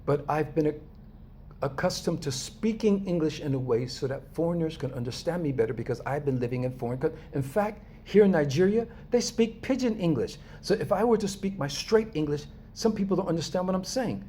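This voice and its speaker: Animated American man talking to viewers. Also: on the high side, a little fast, a little hiss or hum. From Los Angeles, USA. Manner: animated, emphatic, chuckles often. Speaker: vlogger. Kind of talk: casual monologue to viewers.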